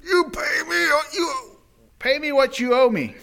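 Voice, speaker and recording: A man's voice: high-pitched, expressive, measured pace, pushed and bright, full character voice. A man voicing an angry servant who harshly demands repayment of a small debt. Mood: furious.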